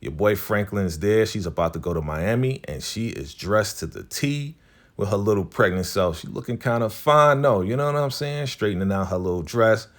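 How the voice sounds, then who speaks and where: A man with a low, deep voice walks through a TV episode in an easygoing recap. He talks in loose slang and slips into quick impressions of the characters' lines. The delivery stays relaxed and conversational. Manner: laid-back slangy retelling, acting out characters' lines. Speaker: TV show recap host.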